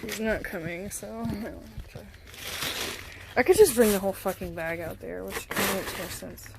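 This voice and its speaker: A young woman filming a casual barn vlog outdoors. She swears freely and coos at the animals in a high, sing-song voice. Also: normal speed, creaky, very noisy. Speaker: vlogger.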